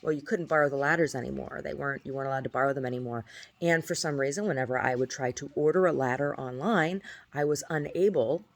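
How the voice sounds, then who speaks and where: A woman's voice: extremely low pitch, fast talker. A woman talking casually into her video diary at home, rambling and aggrieved, often restarting her phrases. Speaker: video diarist.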